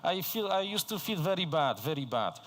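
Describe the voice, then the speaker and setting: A man putting on a heavy Eastern European accent to play an insecure young man speaking halting, broken English. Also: a little high, very animated, fairly bright tone, voice pushed up. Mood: plaintive. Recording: echoey conference hall.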